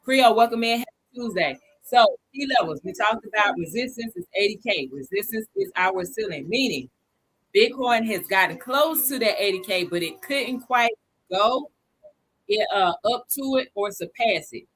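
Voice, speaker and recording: Hosting a beginner crypto lesson on livestream, the woman has a medium-pitched, fairly bright voice with lively intonation and a normal pace, plus a little hiss or hum in the audio. She chats casually, welcomes viewers by name between points, restates the important figures and confirms everyone is keeping up.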